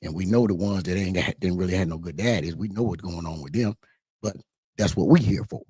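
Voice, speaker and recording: A man's voice: low-pitched, fairly quick, dark tone, husky, no room sound, clean studio sound. A middle-aged man, talking casually and preachily to his listeners about everyday issues, asking them rhetorical questions. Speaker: trucker commentator. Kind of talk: casual monologue.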